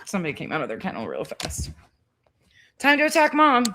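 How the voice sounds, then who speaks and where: A woman's voice: medium pitch, wildly swooping pitch, a little fast, background noise. A woman filming a casual home vlog, talking to her dogs in cooing baby talk and swearing offhandedly. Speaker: vlogger. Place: home living room with dogs.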